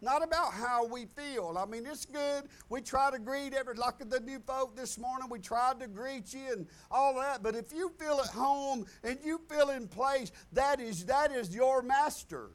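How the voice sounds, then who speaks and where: A pastor preaching a folksy sermon to his congregation, moving between loud declarations and quiet asides. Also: very high-pitched, normal speed, hardly any pauses. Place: church sanctuary.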